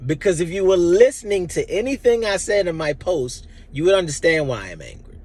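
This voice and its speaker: A man's voice: sits high, big pitch swings, brisk, a little mellow. A man in his thirties giving an impassioned, blunt personal monologue, emphatic and profane. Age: 30s. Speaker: vlogger.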